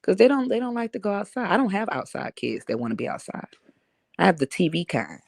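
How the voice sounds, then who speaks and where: Animated New York woman streamer, lots of laughter. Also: mid-range voice, fast, creaky, breathy edge, no echo. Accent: New York with some Southern drawl. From Harlem, New York. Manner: blunt, animated, laughs often, slangy. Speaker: livestream host reading chat comments. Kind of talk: casual livestream chat. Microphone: phone.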